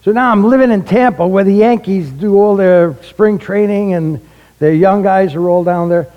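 A man, a retired pastor telling a personal testimony, animated and acting out the dialogue in his story. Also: high-pitched, moderate pace, dull audio. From the Bronx, New York. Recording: echoey hall.

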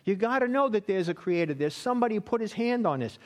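Bible class teacher, male, high voice, casual conversational delivery. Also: expressive, quick pace. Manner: chatty, checks in with listeners with "right?".

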